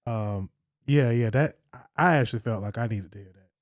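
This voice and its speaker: A man's voice: mid-range voice, brisk, no echo, clean studio sound. A man co-hosting a podcast, asking a guest questions in casual conversation, hesitant and reflective with many fillers. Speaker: podcast co-host. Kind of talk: casual interview chat.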